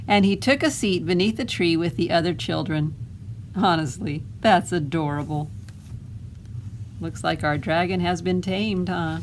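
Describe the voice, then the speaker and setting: A woman children's librarian reads a picture book aloud, slow and unhurried, with a voice that sits a little low. She keeps it gentle and friendly, pausing to ask the little listeners questions, over a faint hiss in the background. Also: low-quality recording.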